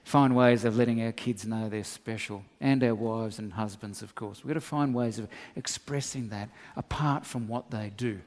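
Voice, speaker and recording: A middle-aged Australian man preaching a sermon as pastor, telling animated stories with humorous asides. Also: on the low side, normal speed, hardly any pauses. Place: church hall. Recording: long reverb of a church hall.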